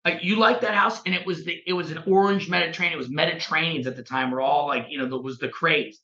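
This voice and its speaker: A fairly high-voiced man tells a story in a bright, forceful way and acts out each exchange as he goes. He sounds like a realtor on a podcast. The sound is dull and lo-fi, and the room echoes. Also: quick pace. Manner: animated, acts out quoted dialogue. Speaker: realtor guest on a real estate podcast. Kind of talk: casual storytelling.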